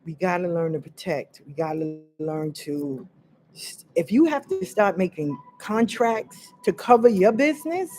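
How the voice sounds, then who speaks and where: Woman ranting to camera, swears a lot, repeats herself for emphasis, talks right at y'all, mid pitch. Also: dark tone. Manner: blunt and profane, with emphatic repetition; fiery and direct, addressing listeners as y'all. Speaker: vlogger sharing personal experience. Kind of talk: unscripted monologue to camera.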